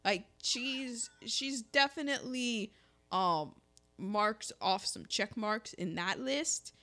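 A woman co-hosting a casual chat, recapping a story with lively energy and acting out the characters' lines. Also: a little high, slow pace. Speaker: podcast co-host.

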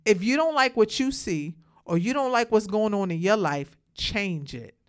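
A woman's voice: mid-range voice, animated, normal speed, clear, resonant tone. A woman talking straight to her viewers in a casual, outspoken monologue, calling them "hunties" and preaching about letting people be happy. She mentions having the hiccups. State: has the hiccups.

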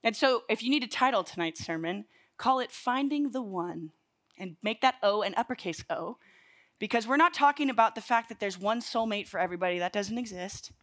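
A woman's voice: medium pitch, a little fast, fairly bright tone. A young woman giving a casual, chatty sermon in a packed church hall, laughing at her own stories. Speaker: young adults speaker.

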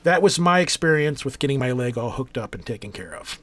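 A man in his forties hosting a casual podcast, telling rambling stories quickly and acting out the other people's lines. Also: mid-range voice, expressive, fairly bright tone, dry recording. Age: 40s. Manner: rapid, rambling storyteller who acts out dialogue. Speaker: podcast host. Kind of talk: casual chat, storytelling.

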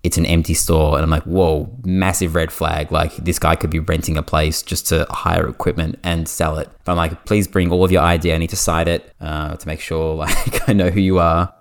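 An Australian man hosting a podcast, telling a story in casual chat, animated and full of "like" fillers. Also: very deep voice. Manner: animated, fast anecdote with lots of "like" fillers. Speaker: podcast host.

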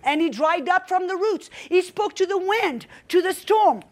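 A woman preaching a sermon with fervent energy. She peppers her talk with "amen" and rises to shouted exclamations. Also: extremely high pitch, lively intonation, unhurried. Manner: frequent "amen" and call-and-response.

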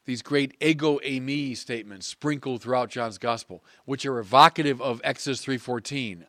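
A priest preaching a sermon in an earnest, measured way with emphatic pauses. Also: male voice, medium pitch, fairly bright tone, dry recording, clean studio sound.

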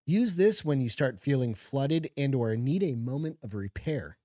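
A man's voice: mid-range voice, lively intonation, moderate pace, warm tone, no echo, studio quality. A middle-aged man co-hosting a comedy podcast, reading a list aloud with sarcastic, profane mock earnestness. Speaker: podcast co-host.

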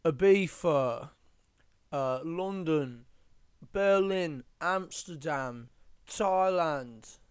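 A man's voice: fairly high pitch, extremely slow, smooth, no room sound, studio quality. A man putting on the voice of an insecure, try-hard young male backpacker who is overfamiliar and keeps calling people man. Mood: boastful.

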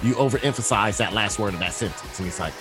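A man hosting a podcast in casual chat, telling stories animatedly, acting out the voices he quotes, with loud outbursts. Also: fairly low pitch, quick pace, music in the background. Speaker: podcast host.

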